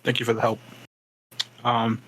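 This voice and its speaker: A man's voice: medium pitch, monotone, moderate pace, a bit bright, breathy edge, no room sound. A man playing a tabletop game, hesitantly describing what his character does, with many fillers.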